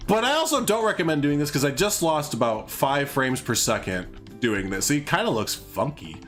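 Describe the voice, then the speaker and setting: A man's voice: fairly high pitch, sing-song, normal speed, a bit bright, faint music behind. A man with a Southern US accent giving live gameplay commentary as a streamer, rambling, chuckling and poking fun at himself. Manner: rambling, chuckling, self-deprecating. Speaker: game streamer.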